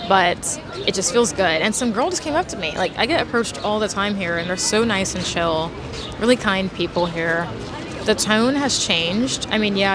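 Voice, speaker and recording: A woman's voice: medium pitch, background noise. A woman in her twenties talking to her camera in a casual vlog, chatty and stressed, with sudden emotional outbursts. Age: 20s. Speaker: YouTube vlogger.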